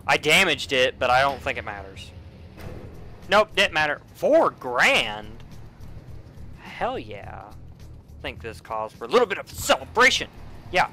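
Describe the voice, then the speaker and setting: Bright-voiced young man cursing through gameplay. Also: on the high side, measured pace, long pauses, faint music behind. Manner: profane, excitable outbursts. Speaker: gamer. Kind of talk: casual let's play commentary.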